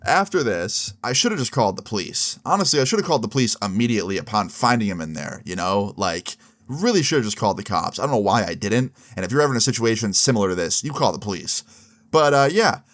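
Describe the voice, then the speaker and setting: A man telling a story in a casual vlog, chatty and animated with lots of slang fillers. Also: fairly low pitch.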